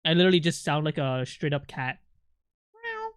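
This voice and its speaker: A man's voice: a little high, fast, smooth, no room sound. A male streamer who is not a native English speaker, chatting playfully with viewers, teasing and swearing freely into a close mic. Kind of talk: casual live-stream chat.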